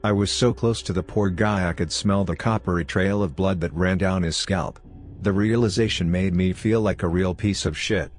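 Deep-voiced man narrating a horror story. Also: normal speed, soft background music.

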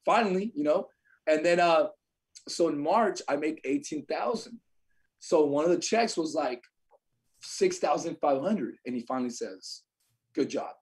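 A young adult man telling a lively story as a podcast guest, acting out what others said. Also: a little high, unhurried. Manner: animated storyteller, acts out quotes. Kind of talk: storytelling in casual chat.

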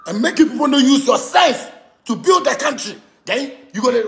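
A Ghanaian-accented man, a musician, in a heated rant that switches between pidgin and English and often breaks into shouting. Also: very high-pitched, animated, normal speed, creaky, echoey room. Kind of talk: angry rant.

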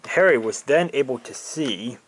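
A man narrating a toy-train storybook in a steady, even way. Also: medium pitch, moderate pace, noisy background.

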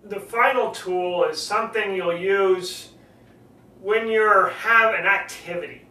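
A man teaching public speaking, earnestly repeating key points and showing how to lower and slow his voice. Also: sharp tone, echoey room, distant mic, poor audio. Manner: earnest, repetitive, demonstrates lowering and slowing his voice. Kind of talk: spoken lesson to camera.

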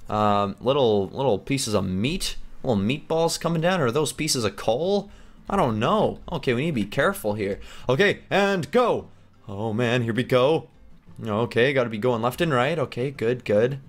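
A young man hosting a gaming channel, excitably commenting as he plays, yelping and laughing at close calls. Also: medium pitch, normal speed. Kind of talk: playing a game with commentary.

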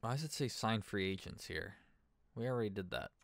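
A man's voice: lowish voice, lively intonation, fairly quick, creaky, no room sound, clean studio sound. A man giving casual gameplay commentary as a streamer, thinking aloud and chatting with his viewers. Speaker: gaming streamer.

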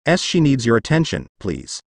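A man's voice: medium pitch, huge pitch swings, normal speed, vocal fry, no room sound, studio quality, full character voice. A man voicing a wounded, exhausted female warrior mother in a fan fiction audio story, stammering weakly. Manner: weak and stammering.

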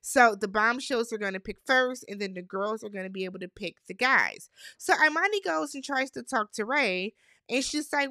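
A woman's voice: on the high side, animated, normal speed, bright, forceful tone, no echo, studio quality. A woman hosting a reality TV recap, talking in a chatty, opinionated way with slangy asides. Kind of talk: casual recap commentary.

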